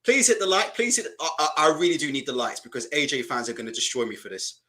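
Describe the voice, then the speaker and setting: A man's voice: medium pitch, big pitch swings, quick pace, pushed and bright. A man doing casual, mocking live-stream reaction commentary, asking rhetorical questions and laughing often.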